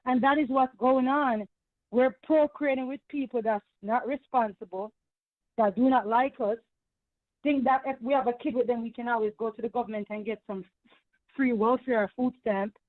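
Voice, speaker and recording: Lady ranting on a call-in, high pitched, indignant, thin phone sound. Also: fairly even intonation, normal speed, no room sound. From Caribbean. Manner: emphatic, repetitive, indignant. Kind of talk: heated call-in rant. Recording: tinny phone line.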